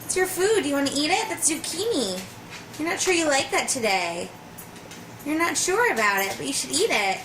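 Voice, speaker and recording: A woman coaxing a baby at home in slow, high, sing-song baby talk. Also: sing-song. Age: adult. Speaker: parent talking to a baby. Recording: echoey room with background noise.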